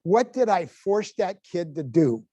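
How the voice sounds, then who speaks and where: A man in his seventies runs a parenting workshop in a library meeting room. His voice sits a little high and sounds dry and close. He talks in a lively, folksy way and keeps asking the audience questions. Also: unhurried, no room sound. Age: 70s. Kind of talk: live workshop talk to parents.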